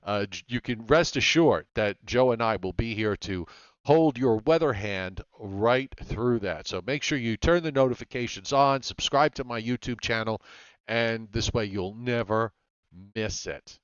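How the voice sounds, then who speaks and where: A man hosting a live weather show, talking in a relaxed way with many fillers. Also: mid-range voice, unhurried, clear, resonant tone, no echo, dull audio. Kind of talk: live weather broadcast chat.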